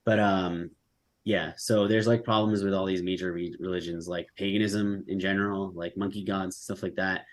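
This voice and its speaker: A man's voice: low-pitched, fairly even intonation, normal speed. A man debating on a video call, rambling, with heavy use of "like" and "um". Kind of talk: casual debate talk.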